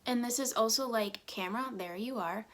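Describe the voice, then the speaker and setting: Filmed close up on her phone at home, a woman in her thirties rambles through a get-ready-with-me vlog, now and then slipping into a whisper. Her voice is a little high and a bit bright, at a moderate pace.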